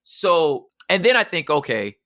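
A man talking as a guest in a casual interview, animated and slangy, often asking if he's understood. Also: a little high, measured pace, no echo, studio quality. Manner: animated, slangy, keeps asking "you know what I'm saying". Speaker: poet and emcee.

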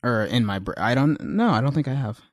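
A man, a guest on a podcast, chatting with dry, deadpan humor. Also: medium pitch, fairly quick, no room sound. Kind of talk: casual chat.

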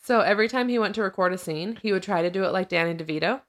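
Rapid-fire and medium-pitched, a woman co-hosting a podcast chats through a film recap. She laughs frequently while retelling scenes and passing along trivia.

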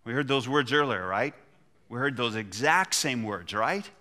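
Male preacher, lively pitch, bright tone, storytelling sermon. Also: moderate pace. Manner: animated storytelling preacher, acting out quotes. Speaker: pastor.

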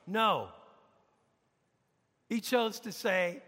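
A man preaching a sermon as pastor, emphatic, dropping to a hush and rising to loud peaks. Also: high-pitched, a little slow, long pauses. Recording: long reverb of a large hall.

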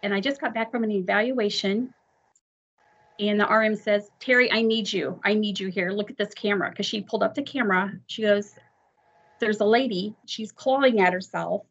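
A woman's voice: mid-range voice, normal speed, a bit bright. A woman who works as a drive examiner, telling a long story from the job in a chatty, self-deprecating way. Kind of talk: storytelling in an interview. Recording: muffled audio.

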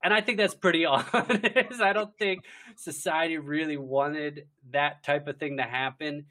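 A man, a filmmaker guest, chatting casually in an interview, telling animated stories and laughing often. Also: a little high, measured pace. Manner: animated storyteller, laughs often, acts out quotes.

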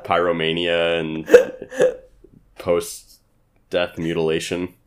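A young man in casual chat as a podcast co-host, making dry, deadpan jokes. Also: low voice, slow, a little hiss or hum.

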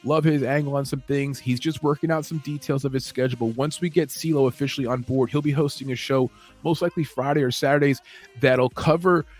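A podcast host rambles through casual show announcements on a late-night program, full of fillers and self-corrections. His medium-pitched voice keeps a fairly even intonation at a fairly quick pace, with faint music in the background.

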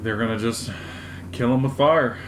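A man's voice: medium pitch, normal speed. A man co-hosting a casual sports podcast, throwing dry, teasing jabs at his partner. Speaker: podcast co-host. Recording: roomy, faint background hum.

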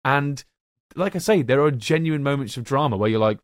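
A man's voice: mid-range voice, lively intonation, brisk, dry recording, studio quality. A young man co-hosting a podcast, enthusiastically praising films and addressing listeners like a showman. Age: young adult. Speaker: podcast co-host. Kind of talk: enthusiastic film-ranking chat.

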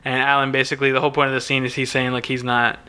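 A man's voice: medium pitch, rapid-fire, smooth. A man co-hosting a podcast, casually recapping a movie scene by scene and acting out the characters' lines. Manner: animated retelling, acting out dialogue. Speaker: podcast co-host.

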